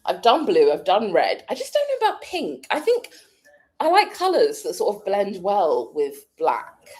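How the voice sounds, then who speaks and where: Unhurried and a little mellow, this UK woman's mid-range voice rises and falls in huge pitch swings. Speaking British English, she answers live-chat questions casually, laughing often as she thinks aloud.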